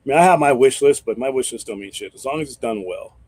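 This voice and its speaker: A man's voice: medium pitch, animated, fast talker, a little mellow, no room sound. A man hosting a casual live-stream chat, rambling and swearing freely as he thinks aloud with restarts. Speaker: host.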